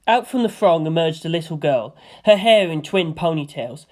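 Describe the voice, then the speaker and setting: Woman reading a story aloud, lowish voice. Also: animated, normal speed, few pauses, darkish tone. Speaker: fanfic reader.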